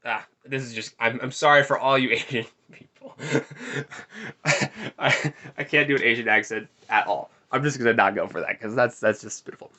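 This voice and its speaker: A man's voice: mid-range voice, normal speed, sharp tone. A young man telling a rambling, self-deprecating story in a casual vlog, recorded in his bedroom. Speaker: vlogger.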